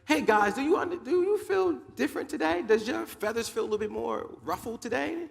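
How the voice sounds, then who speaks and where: A man's voice: high voice, big pitch swings, normal speed, creaky, pitched above the performer's own voice, full character voice. A man voicing a naive young rooster who is secretly a hawk, asking earnest, wondering questions in a story. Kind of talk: acted voice in a motivational story. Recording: long hall reverb.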